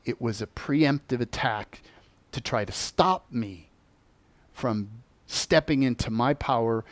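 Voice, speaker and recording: A man who teaches about spiritual matters tells a personal story with animation, acting out the voices of the people he quotes. His mid-range voice moves slowly, and the recording is dry.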